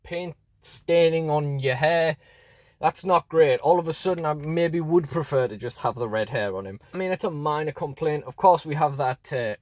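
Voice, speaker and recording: A man's voice: a little high, normal speed, darkish tone, dry recording. A man chatting casually through a toy unboxing review, rambling with fillers and restarts, recorded close and dry.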